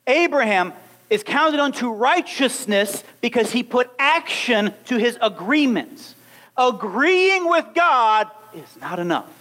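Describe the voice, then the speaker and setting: A man preaching a sermon, animated and acting out little scenes as he talks. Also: very high-pitched, slow pace.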